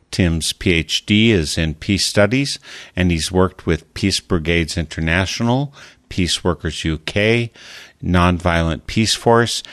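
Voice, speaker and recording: A man hosting a radio interview show, reading a scripted introduction and then asking measured, thoughtful questions. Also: deep voice, a bit bright, no echo.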